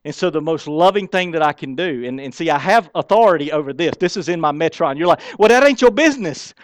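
Folksy preaching man, slightly high voice. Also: fast talker, dry recording, studio quality. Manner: folksy, emphatic preaching with casual slang. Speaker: pastor. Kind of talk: sermon.

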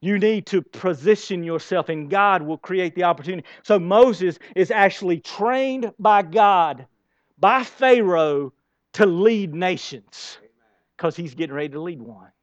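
A male preacher with a high voice delivers a sermon in church. He drifts between quiet, close talk and loud, emphatic bursts. The sound is dry and a bit dull and lo-fi. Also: measured pace, no room sound. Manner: swings between soft and loud, emphatic storytelling. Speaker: pastor.

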